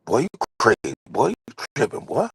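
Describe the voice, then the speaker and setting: A man's voice: medium pitch, huge pitch swings, normal speed, creaky, husky, dry recording, clean studio sound, full character voice. A man putting on a jittery, scoffing everyday guy. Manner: jittery, dismissive.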